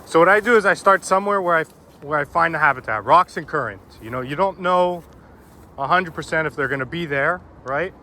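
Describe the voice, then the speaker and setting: A man chatting informally to his viewers as he fishes, with a slightly raised, bright, forceful voice. He is recorded outdoors by a river, and faint background noise carries under his voice. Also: on the high side, expressive, a little fast. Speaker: fishing vlogger. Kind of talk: casual vlog commentary.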